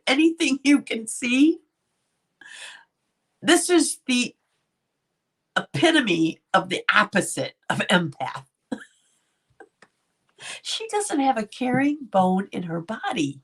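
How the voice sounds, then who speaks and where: A woman's voice: fairly high pitch, very animated, takes it slowly, long pauses. A middle-aged woman hosting a casual livestream, talking to viewers by name and laughing often. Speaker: commentary channel host. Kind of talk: casual livestream commentary reading chat.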